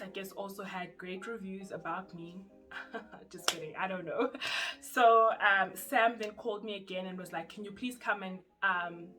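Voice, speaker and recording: A young woman from South Africa with a South African accent, telling her story in a casual, animated vlog. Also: medium pitch. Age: young adult. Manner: chatty and animated, acts out quoted voices. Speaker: YouTuber. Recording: music playing underneath.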